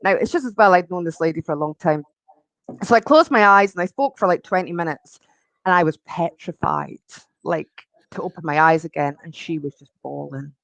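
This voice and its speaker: A woman's voice: fairly low pitch, brisk, dry recording, poor audio. Chatty woman telling her story, dry close sound. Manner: chatty, loose, lots of ums and likes. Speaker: guest. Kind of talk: personal storytelling in conversation.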